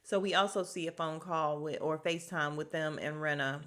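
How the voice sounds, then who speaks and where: A woman's voice: low voice, fairly even intonation, normal speed, a bit bright. A woman hosting a podcast, recapping a reality show in casual, blunt, profane chat and laughing often. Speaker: podcast host.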